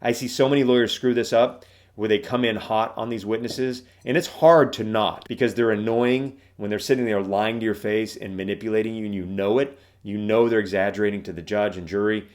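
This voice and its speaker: A man's voice: on the low side, steady tone, fairly quick, darkish tone. A man talking as a trial lawyer, giving instructional advice in an emphatic, direct, matter-of-fact way. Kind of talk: instructional talk.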